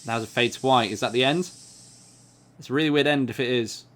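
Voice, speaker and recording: A man's voice: mid-range voice, fast. Casual man reading game text aloud. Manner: relaxed, chatty, reads subtitles plainly. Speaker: gaming video host.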